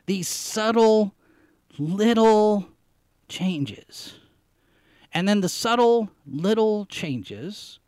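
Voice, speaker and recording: A man's voice: high-pitched, big pitch swings, slow pace, a little mellow, no room sound. A man hosting a live podcast show, talking casually about the news, rambling and repeating phrases for emphasis with plenty of fillers. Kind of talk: casual live-stream commentary.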